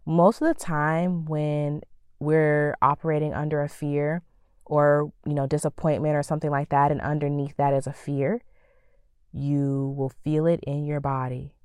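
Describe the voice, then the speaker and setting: A low-pitched woman hosts a faith-centered motivational podcast, speaking in a lively, preacherly way and slipping into playful, sassy asides. Her voice is recorded close and dry, with no room sound. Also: a little slow, clean tone, no room sound. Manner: animated, preacherly, acts out quoted thoughts with playful sass. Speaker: podcast host. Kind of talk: faith-based motivational talk.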